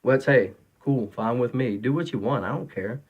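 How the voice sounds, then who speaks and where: A man's voice: medium pitch, normal speed, husky, muffled recording. A man in his thirties, a father of three, talking casually and rambling through an opinion monologue, full of fillers and restarts.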